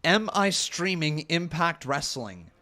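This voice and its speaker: A man's voice: on the high side, slow. A man hosting a live watch-along stream, chatting casually and telling stories with lots of exclamations. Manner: excitable, animated storytelling with exclamations.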